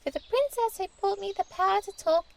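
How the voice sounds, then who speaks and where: A woman squeaking as a shy little boy mouse. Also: a little fast, creaky. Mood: shy squeaky. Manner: timid, stammering. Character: shy sweet little male talking mouse.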